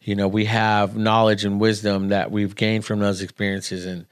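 A man's voice: lowish voice, level tone, normal speed, clear, resonant tone, no room sound, clean studio sound. A man co-hosting a casual podcast, easygoing and dropping "man" and "dude" often. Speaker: podcast co-host.

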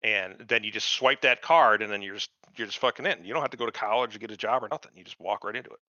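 A man's voice: lowish voice, quick pace, bright, forceful tone, no echo. A middle-aged man co-hosting a podcast, ranting in casual chat with heavy profanity and disbelief. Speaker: podcast co-host. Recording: dull lo-fi podcast mic.

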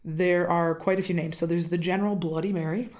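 A woman with a Wisconsin accent co-hosts a casual podcast, presenting her research on a legend with frequent "uh" fillers. Her voice sits on the low side, with a steady, darkish tone and a brisk pace.

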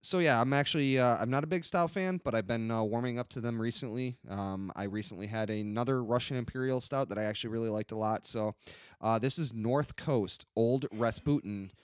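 A young man talks through a beer tasting in a loose, rambling way, stopping and restarting often. His voice sits at an ordinary middle pitch. The sound is dry and close, with no room around it. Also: brisk, smooth, no echo. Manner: rambling with many fillers and restarts. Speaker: podcast co-host. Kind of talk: casual beer-tasting chat.

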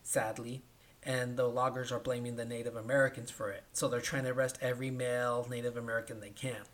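A man co-hosting a casual podcast, retelling a film plot in an animated way, acting out the characters' lines and often asking "right?". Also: mid-range voice, quick pace. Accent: Californian. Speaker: podcast co-host. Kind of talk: casual movie recap chat.

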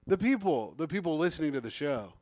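Goofy man with a high, lively voice. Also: quick pace. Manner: goofy joker, breaks into laughs. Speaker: podcast co-host. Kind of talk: casual podcast chat.

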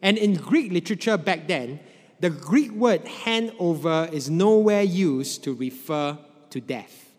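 Preaching man with a long hall echo. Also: lively intonation. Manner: measured preaching, voice dropping low at phrase ends. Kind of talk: sermon.

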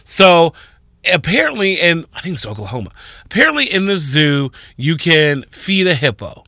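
A man co-hosting a morning radio show, telling stories in an animated way and acting out other people's voices. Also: on the high side, moderate pace, no echo, clean studio sound. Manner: animated storytelling, acts out quoted voices. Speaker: radio co-host. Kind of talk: casual morning radio chat.

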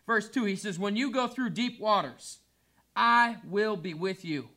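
A man's voice: high voice, a little slow, bright, forceful tone. A pastor preaching a fervent sermon, a man building emphatic repeated lines.

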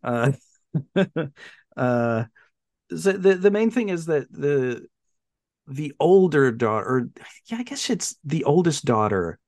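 Animated man retelling films, lively pitch. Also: slow pace, pauses often, no echo, studio quality. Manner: animated storytelling, acting out characters in silly voices. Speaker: podcast co-host. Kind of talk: casual film chat.

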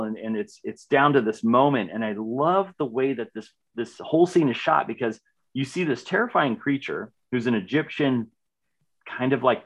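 Male podcast co-host, eager and chatty, stumbles over his opening words. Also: medium pitch. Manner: enthusiastic, repeats words when starting. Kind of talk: casual chat reviewing a TV series.

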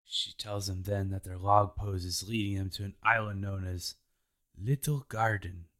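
A man's voice: deep voice, steady tone, a bit bright. A man casually retelling anime episodes as a podcast host, laid-back and playful. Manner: slow, laid-back retelling with playful put-on character voices. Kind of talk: casual recap chat.

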